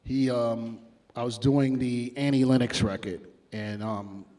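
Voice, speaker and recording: A music producer from New York tells his stories slowly and steadily in a warm, medium-pitched voice. In this casual interview he's blunt and heavily profane, acting out the quotes.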